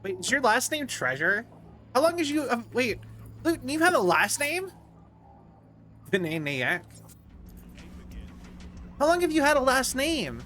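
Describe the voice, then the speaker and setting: Bright-voiced chatty male streamer. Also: very high voice, sing-song, measured pace, pauses often, a little hiss or hum. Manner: chatty, rambling, jokey asides to chat. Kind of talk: casual gameplay commentary.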